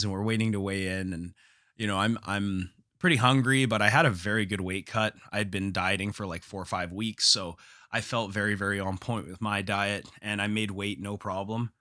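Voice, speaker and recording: A man's voice: fairly low pitch, sharp tone, dry recording, studio quality. A man from Canada hosting a solo podcast, talking in a casual, rambling way and swearing freely. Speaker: podcast host.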